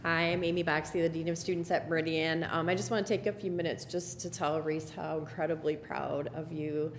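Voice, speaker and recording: A woman's voice: sits low, little pitch movement, a little fast. A woman who is a dean of students, praising a student with frequent fillers. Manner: warm praise, hesitant fillers. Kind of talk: tribute speech. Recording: hall reverb with faint noise.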